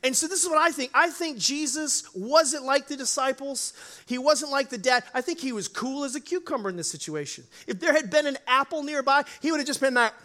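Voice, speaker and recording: A man's voice: very high voice, a little fast. A man preaching a sermon as pastor, telling a Bible story and acting out the voices in it. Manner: animated, acts out Bible voices.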